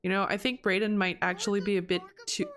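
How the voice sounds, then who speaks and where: A woman's voice: mid-range voice, steady tone, fast talker, a bit bright. A woman giving casual, chatty commentary over her own gameplay, reacting aloud as she goes.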